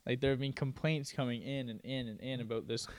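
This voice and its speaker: A man's voice: mid-range voice, steady tone, brisk, no echo. A man co-hosting a casual comedy podcast, rambling with lots of fillers and laughing often. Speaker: podcast co-host.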